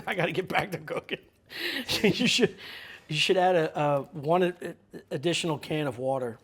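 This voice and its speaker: A man's voice: fairly high pitch, moderate pace, fairly bright tone, slightly rough. A man hosting a cooking show, explaining each step in a casual, crude, joking way from a kitchen.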